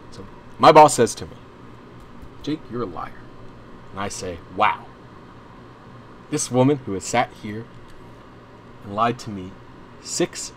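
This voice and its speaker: A man's voice: lowish voice, a bit bright, a little hiss or hum. A young man streaming a game, telling a long personal story in a casual, rambling way with many restarts and some swearing. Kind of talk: casual storytelling while gaming.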